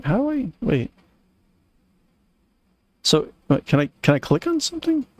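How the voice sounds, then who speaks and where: A man's voice: high-pitched, wildly swooping pitch, measured pace, no room sound. A man live-streaming a game, reacting with puzzled, chatty comments to the story.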